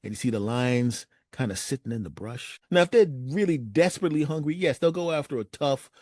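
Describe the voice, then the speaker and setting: Animated man telling a story. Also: a little fast, no room sound, studio quality. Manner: animated, acts out friends' lines in raised pitch. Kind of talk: personal storytime monologue.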